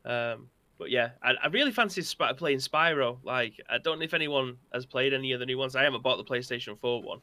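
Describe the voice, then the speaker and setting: A man's voice: medium pitch, fairly quick, hardly any pauses, bright, forceful tone, no room sound. A man co-hosting a gaming news show, chatting casually and giving the show's sign-off.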